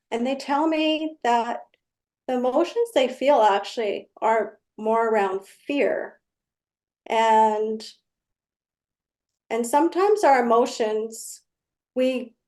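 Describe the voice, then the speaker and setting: A woman's voice: on the high side, darkish tone. A woman energy healer explaining her work in casual conversation, telling client stories and acting out their exchanges. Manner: storytelling, acts out client exchanges.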